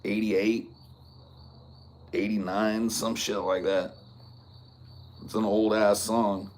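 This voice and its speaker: A man's voice: lowish voice, little pitch movement, takes it slowly, darkish tone. A man in his forties, hosting a podcast in casual chat, who talks in a loose, profane way with laughs. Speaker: podcast host. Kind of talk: casual chat, reciting rap lyrics from memory.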